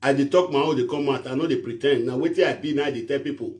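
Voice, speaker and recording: A man's voice: mid-range voice, very fast, darkish tone. A man from Edo State, Nigeria, speaking Nigerian Pidgin English, hosting his own show as a self-styled prophet in a pleading, preachy, rambling monologue to his viewers.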